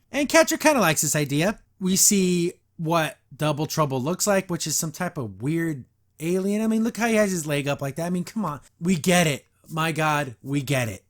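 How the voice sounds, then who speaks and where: Guy hosting a show review podcast, kinda high voice, sarcastic and fed up. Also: animated, normal speed, fairly bright tone. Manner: blunt, sarcastic, exasperated. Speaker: podcast host. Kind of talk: casual episode review commentary.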